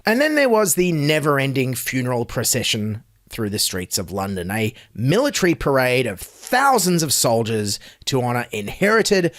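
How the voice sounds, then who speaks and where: Australian man, mocking satirical host, swooping lively voice, dry recording. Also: medium pitch, moderate pace, hardly any pauses, no room sound. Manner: sarcastic, mocking. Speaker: podcast host. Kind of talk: satirical commentary.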